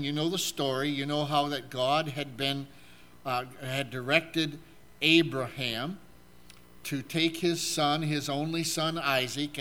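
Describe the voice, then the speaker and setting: This man's voice is a little high, bright, and forceful as he gives a sermon. He reads scripture aloud and puts questions to the congregation, with frequent fillers breaking up his speech.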